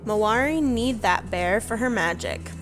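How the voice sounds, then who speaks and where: A woman's voice: on the high side, expressive, a little slow. A woman voicing a female troll witch doctor, reading the lines aloud in her own plain voice. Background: game music.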